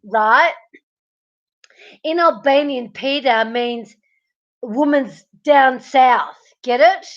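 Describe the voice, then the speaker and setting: A woman's voice: high-pitched, fairly bright tone. Giggly woman hosting a live stream. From Melbourne, Australia. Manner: giggly, teasing, talks to chatters by name. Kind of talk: casual live stream chat, reading viewer comments. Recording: dull lo-fi stream audio.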